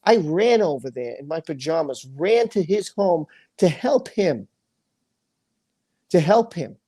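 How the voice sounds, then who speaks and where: A man's voice: on the high side, expressive, unhurried, mellow, husky. A man hosting a livestream, ranting with anger and emotion, repeating phrases and reading chat comments aloud. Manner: angry, impassioned, repeats phrases. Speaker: livestream host.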